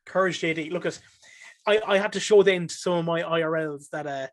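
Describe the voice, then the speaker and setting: A young Irish man chatting as a podcast guest, emotional and excitable, breaking into animated bursts. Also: on the high side, a little fast. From Ireland. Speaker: podcast guest, streamer and caster. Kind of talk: casual podcast chat.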